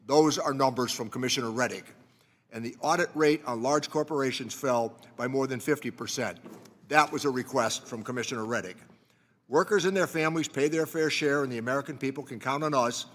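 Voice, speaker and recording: A man of middling pitch delivers a measured, formal opening statement as ranking committee member. He reads from prepared remarks at a desk microphone. A long reverb from the large hearing room trails his words. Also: fairly bright tone.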